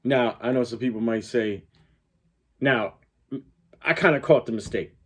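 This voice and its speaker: A man's voice: mid-range voice, measured pace, a bit bright. A man hosting a reaction video, talking in a blunt, profane, argumentative way. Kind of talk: casual reaction commentary.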